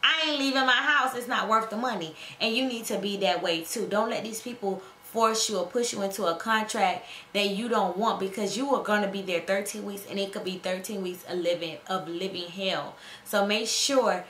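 A woman's voice: medium pitch, moderate pace, hardly any pauses, a bit bright. A woman travel nurse giving casual advice to her viewers, sassy and emphatic, calling them girl and honey. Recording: echoey room with faint noise.

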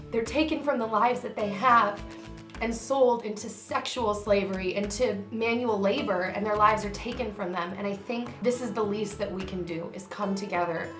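Young woman vlogger, heartfelt and emotional, mid-pitched voice, roomy sound. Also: a bit bright. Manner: earnest, emotional, choked up near the end. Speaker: YouTube vlogger. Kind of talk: heartfelt direct-to-camera talk. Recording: echoey room with faint music.

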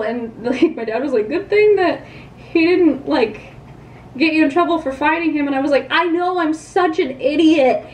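A young woman rambles through a casual storytime, chatty and self-deprecating. Her voice sits a touch high. The room echoes around her, with faint background hum. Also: darkish tone, far from the mic. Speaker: vlogger.

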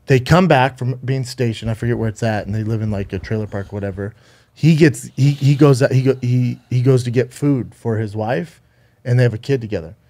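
A man's voice: medium pitch, a little fast, mellow. A man co-hosting a podcast, telling a true-crime story in a rambling, profane way with frequent restarts. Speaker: podcast co-host. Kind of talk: casual storytelling chat.

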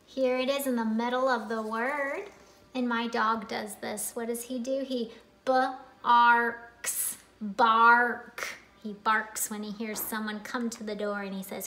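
A woman with a high, bright voice leads a phonics lesson for small children, singing out the sounds and stretching each word very slowly. The echoey room rings around her. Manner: sing-song, slow and emphatic when drilling sounds. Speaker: teacher.

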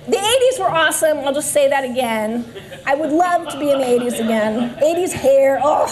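A Southern California woman in her forties, speaking at Sunday school, shares her personal faith testimony with a church group in a church classroom. Her high voice is animated and at normal speed, earnest but sprinkled with self-deprecating asides, over a loud crowd.

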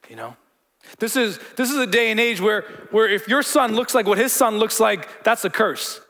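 A man's voice: sits high, normal speed, bright, forceful tone. A man preaching a sermon as pastor in a church hall, conversational, repeating words and joking with the congregation.

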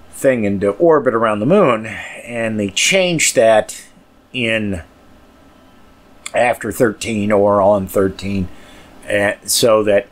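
Rambling, crude-talking male podcast host. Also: on the low side. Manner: rambling, crude, with mumbled asides. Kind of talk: casual rambling podcast talk.

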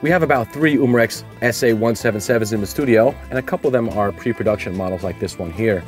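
A man's voice: lowish voice, fast talker, faint music behind. A man hosting a product review, talking casually and upbeat as he explains each step of a demonstration outdoors.

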